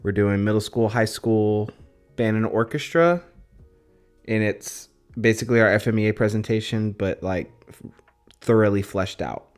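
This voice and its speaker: A man's voice: lowish voice, moderate pace, clear, resonant tone, soft background music. A man talking casually about teaching work, matter-of-fact and correcting himself as he goes. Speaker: music educator and presenter. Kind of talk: casual chat.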